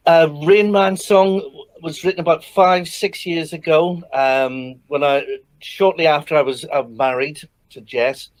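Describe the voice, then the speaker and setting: A man from England, a singer-songwriter guest, explaining his song in a halting way with many restarts. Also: fairly high pitch, steady tone. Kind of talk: interview answers.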